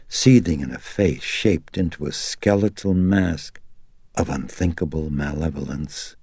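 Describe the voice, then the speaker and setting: A man reading a horror novel aloud in a slow, deliberate, ominous style. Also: a bass voice, darkish tone, breathy edge, no echo, clean studio sound. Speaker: audiobook narrator. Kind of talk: scripted horror narration.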